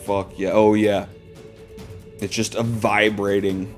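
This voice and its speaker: A man's voice: fairly low pitch, flat delivery, slow pace, soft background music. A man running a tabletop game as game master, narrating with lots of swearing and enthusiasm. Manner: profane, enthusiastic.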